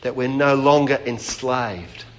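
A man's voice: mid-range voice, slow, a little hiss or hum. A man preaching a sermon in a church, conversational and chatting with the congregation, often restarting phrases.

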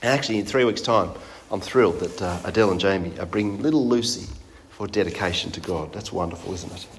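A man's voice: low voice, fast talker, a little hiss or hum. A man preaching a sermon in a conversational way, putting rhetorical questions to his congregation.

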